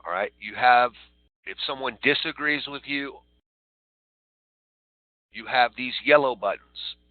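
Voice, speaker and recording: A man's voice: medium pitch, measured pace, no echo. Guy walking new call agents through the steps, thin phone-line sound, dry. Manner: repeats "all right" and "so" while walking through steps. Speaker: call center trainer. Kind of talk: instructional training talk. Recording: tinny phone-like recording.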